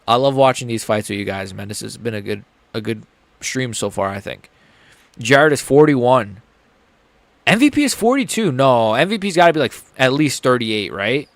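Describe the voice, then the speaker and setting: A young man streaming a live fight reaction, excitable, joking and profane. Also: mid-range voice, no echo.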